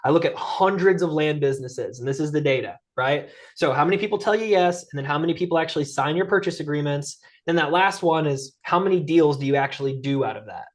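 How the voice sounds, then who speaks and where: A middle-aged man giving an energetic, conversational webinar talk as a sales coach, often checking in with "right?" and "guys". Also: a little high, quick pace, few pauses. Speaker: guest speaker and sales coach. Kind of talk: webinar presentation.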